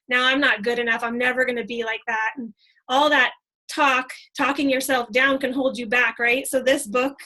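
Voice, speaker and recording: A high-pitched woman talks eagerly to her team, chatty and full of fillers. Her voice is bright and forceful. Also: poor audio. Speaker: team leader. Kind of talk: casual team training talk.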